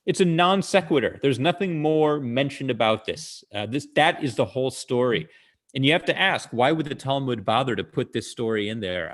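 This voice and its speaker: Guy doing comedy bits over a video call, explains his own jokes, lots of uh's, acts out the characters' lines. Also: mid-range voice. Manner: chatty, explains his jokes, frequent "uh" fillers. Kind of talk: comic storytelling talk.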